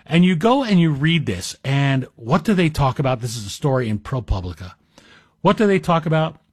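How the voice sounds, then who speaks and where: Guy filling in on talk radio, rambling wry asides, bit high voiced, close dry mic. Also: big pitch swings, normal speed, slightly rough, no echo. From Greek heritage. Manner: chatty, self-deprecating, wry asides. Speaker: radio guest host. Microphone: studio microphone.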